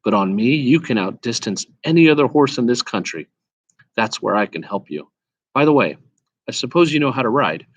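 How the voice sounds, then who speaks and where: Proud male talking horse, put on by a man reading aloud, brisk, lecturing, mid-pitched, dry sound. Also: animated, dry recording, close to an everyday voice. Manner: brisk, lecturing, faintly scornful. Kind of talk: storybook read-aloud.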